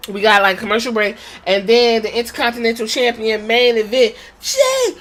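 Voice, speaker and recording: A woman hosting a podcast, recapping a wrestling show in casual, profane, animated storytelling with quoted impressions. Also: a little high, normal speed. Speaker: podcast host.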